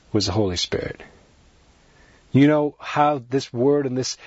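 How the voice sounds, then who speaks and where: Husky male preacher, earnest sermon delivery, dry muffled close-mic recording. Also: mid-range voice, no echo. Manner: earnest, repetitive, rising emphasis. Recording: dry, dull lo-fi sound.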